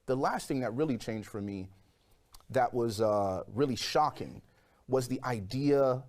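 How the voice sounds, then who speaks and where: Middle-pitched man in his forties, interview guest, animated storyteller who acts out the other people's lines. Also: unhurried. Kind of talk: personal testimony in an interview.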